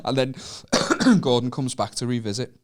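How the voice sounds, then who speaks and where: A man's voice: medium pitch, expressive, moderate pace. A young northern English man co-hosting a comedy podcast, telling sweary anecdotes in casual chat. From Northern England.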